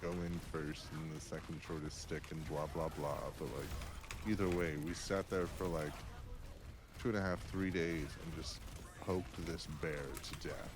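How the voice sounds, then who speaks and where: A man's voice: very deep voice, fairly even intonation, unhurried, noisy background. A young man chatting casually while playing a video game, swearing often and telling a story with lots of laughter. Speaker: gameplay streamer. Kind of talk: casual chat while gaming.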